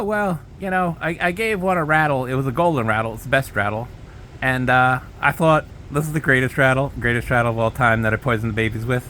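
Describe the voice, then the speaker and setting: A man's voice: medium pitch, fairly bright tone, slight background noise, close to an everyday voice. A man putting on a mocking impression of a boastful older male politician who brags in superlatives.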